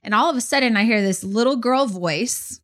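A woman co-hosting a casual chat show, telling a story in an animated, expressive way. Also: on the high side, brisk. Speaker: podcast co-host.

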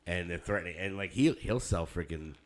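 A man talks casually on a podcast, with a lowish voice. He rambles, laughs often and mimics the people he quotes. His talk is loose and friendly, full of fillers. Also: brisk. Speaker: podcast co-host. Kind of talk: casual chat.

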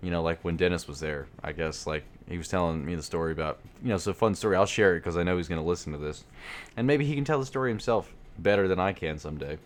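A man's voice: deep voice, quick pace. A man co-hosting a podcast in casual chat, reading ad copy with playful emphasis and laughing often. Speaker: podcast co-host.

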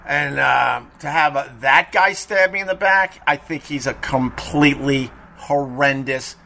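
Chatty, bright-voiced man telling a story. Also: mid-range voice, a little slow, vocal fry, a little hiss or hum. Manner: chatty, profane, acts out quotes in raised voices. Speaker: podcast host. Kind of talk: casual storytelling monologue.

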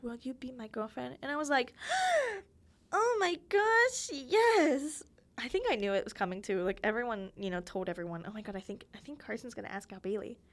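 A woman's voice: fairly high pitch, fairly bright tone. Giggly young woman host, chatty. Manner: chatty, giggly, acts out her childhood self in quoted voices. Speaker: podcast host. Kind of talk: casual solo storytelling.

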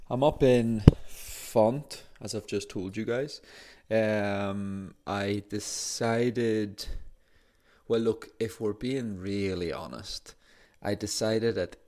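Deep-voiced man rambling in a casual vlog. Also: a little mellow. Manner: rambling, chatty, many fillers. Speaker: marathon runner. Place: apartment indoors.

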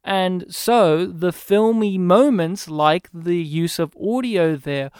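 An Australian man co-hosting a podcast, chatting casually about a film with quick asides. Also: high-pitched, a little mellow, clear, resonant tone, no room sound, studio quality. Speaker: podcast co-host.

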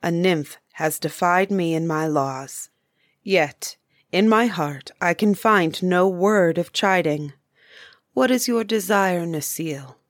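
A woman's voice: fairly low pitch, takes it slowly, dry recording, studio quality. Woman doing a stern old forest master. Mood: gentle. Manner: grave, commanding.

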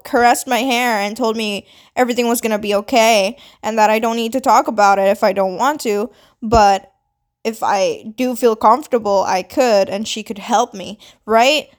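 Young woman, fairly high voice, casual storytime vlog, swears a lot, lots of filler words, animated retelling. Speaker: vlogger. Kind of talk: storytime monologue.

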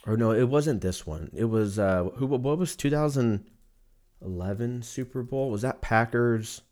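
A man's voice: medium pitch, measured pace, darkish tone. A young man talking casually and profanely on his own, rambling from one thought to the next. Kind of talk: casual solo chat.

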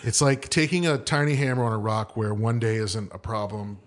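A man's voice: lowish voice, fairly even intonation, fairly quick. Male podcast co-host, casual comedic storyteller who does voices for his quotes. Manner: storytelling, slips into a put-on accent for quotes.

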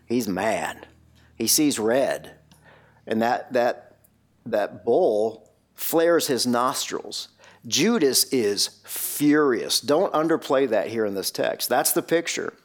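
A man preaching a sermon, telling a Bible story with lively rhetorical questions and shifting pace. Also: medium pitch, takes it slowly.

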